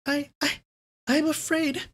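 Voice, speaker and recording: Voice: little pitch movement, slow pace, fairly bright tone. A live-stream reader voicing a frightened, sickly young girl who stammers and pleads. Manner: stammering, pleading, high-pitched. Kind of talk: live novel reading.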